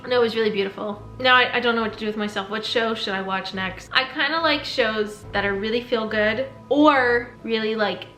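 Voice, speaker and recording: Young woman, fairly high voice, chatty and giggly, skincare vlog chat, echoey room. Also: a little fast, few pauses, bright, forceful tone. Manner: chatty, bubbly and giggly, with playful asides. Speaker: skincare and scary-story vlogger. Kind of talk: casual chat while doing skincare and reading stories aloud. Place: home room. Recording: roomy echo with faint background music.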